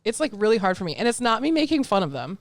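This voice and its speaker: A woman's voice: fairly high pitch, very animated, fast talker, no room sound. A young American woman co-hosting a podcast, chatting casually and laughing often. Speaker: podcast co-host. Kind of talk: casual chat.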